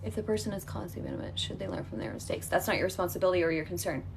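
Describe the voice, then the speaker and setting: A woman's voice: fairly low pitch, very animated, rapid-fire, vocal fry, background noise. A woman coaching an emphatic healing exercise. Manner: reassuring and direct.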